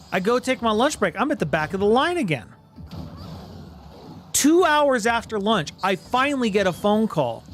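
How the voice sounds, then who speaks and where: Brief: lively male streamer, slightly high voice, animated storyteller, faint music behind. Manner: animated storyteller, voices the people in his tale. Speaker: streamer host. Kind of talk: casual anecdote on a game stream.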